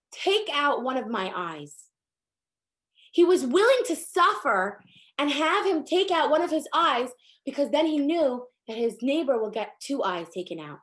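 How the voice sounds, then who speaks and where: High-voiced woman teaching a Torah class. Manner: animated, rises in pitch and force when stressing a point; acts out the people in her stories with quoted speech.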